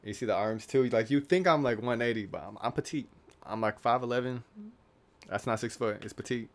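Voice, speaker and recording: A man's voice: mid-range voice, brisk. A young man in his late teens vlogging casually, rambling and joking at his own expense. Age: young adult. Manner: rambling, self-deprecating, joking. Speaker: YouTuber.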